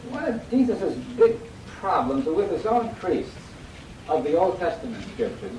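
Animated male preacher in an echoey church. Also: normal speed. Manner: quizzes listeners to finish verses; acts out lively quoted voices. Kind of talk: sermon with scripture reading. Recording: echoey hall, mic at a distance, faint rumble.

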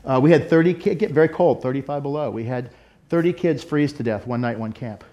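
A man's voice: mid-range voice, fairly quick, lo-fi sound. A middle-aged man preaching a sermon in a candid, self-deprecating, conversational way. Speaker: pastor. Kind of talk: sermon with personal story.

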